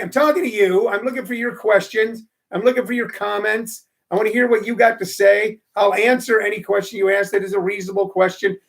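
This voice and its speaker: An older man hosting a live-streamed show, chatting casually and rambling with many fillers. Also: high voice.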